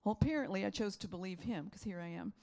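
A middle-aged woman preaching a sermon, animated and laughing often as she acts out the voices in her stories. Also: medium pitch, gravelly.

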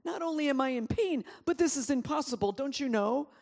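A woman preaching a sermon, telling a story with lively asides and laughter. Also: sits high, a little fast, creaky. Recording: long hall reverb.

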